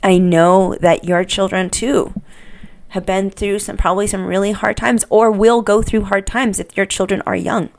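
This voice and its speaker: Earnest woman with a gravelly edge. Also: mid-range voice, fairly even intonation, moderate pace, a little mellow. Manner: earnest, off-the-cuff, repeats herself while searching for words. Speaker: parenting podcast host. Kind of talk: unscripted heartfelt podcast monologue.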